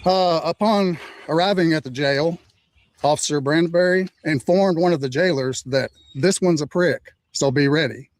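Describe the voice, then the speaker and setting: Older guy retelling his story calm, slightly high voice, dry sound. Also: moderate pace, no room sound. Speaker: interviewee. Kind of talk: recounting a story.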